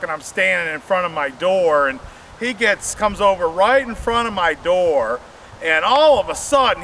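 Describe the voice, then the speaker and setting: A man's voice: sits high, vocal fry, bright, forceful tone, a little hiss or hum. A man doing a stand-up comedy set, telling rambling stories and talking straight to the audience. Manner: rambling storytelling, addresses audience directly.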